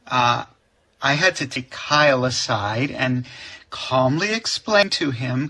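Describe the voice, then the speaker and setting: Male teacher storyteller, breathy and bright, exaggerated sing-song delivery. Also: mid-range voice, slow pace. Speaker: teacher in a played clip. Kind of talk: storytelling monologue.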